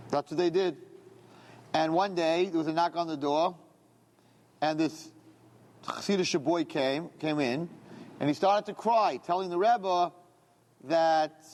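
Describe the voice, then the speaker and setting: A man, a rabbi, telling a story in a lively, animated way, acting out the people in it. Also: fairly high pitch. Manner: animated storyteller, acts out voices. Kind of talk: storytelling talk. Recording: long hall reverb.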